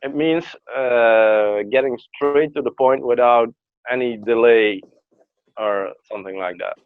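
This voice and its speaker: A man's voice: mid-range voice, measured pace, smooth, dry recording. Hesitant man, dull dry lo-fi sound. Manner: hesitant, searches for words. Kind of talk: casual podcast chat.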